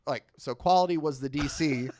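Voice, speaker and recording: A man's voice: fairly high pitch, fairly quick, darkish tone, slight background noise. A man co-hosting a podcast, casually retelling a comic and acting out its lines. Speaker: podcast co-host.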